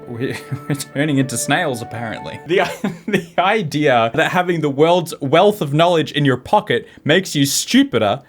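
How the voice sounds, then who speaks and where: A man's voice: fairly high pitch, expressive, moderate pace, faint music behind. A man giving sarcastic reaction commentary for a video, often laughing as he talks.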